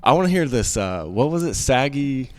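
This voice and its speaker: Podcast host guy, lively up and down voice, keeps cutting in and laughing. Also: medium pitch, moderate pace. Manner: eager, interjecting, laughing. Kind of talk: casual chat.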